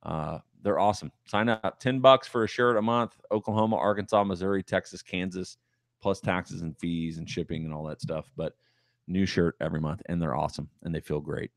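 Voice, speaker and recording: A man's voice: low voice, fairly even intonation, a little fast, no room sound, clean studio sound. A man co-hosting a basketball podcast, talking in an emphatic, enthusiastic way. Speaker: podcast co-host. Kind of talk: casual sports podcast chat.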